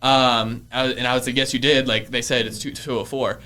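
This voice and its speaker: Young man in his twenties, podcast guest, bright forceful voice, chatty storyteller who laughs a lot. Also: medium pitch, level tone, a little fast. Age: early 20s. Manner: chatty, laughs often, many fillers. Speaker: real estate investor guest. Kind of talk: casual storytelling interview. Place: podcast studio.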